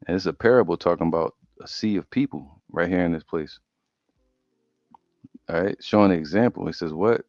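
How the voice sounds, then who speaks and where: A man preaching, reading Bible verses slowly and breaking off into casual commentary. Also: low voice, darkish tone, no room sound. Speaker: preacher teaching scripture. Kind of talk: scripture study sermon. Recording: dull lo-fi audio.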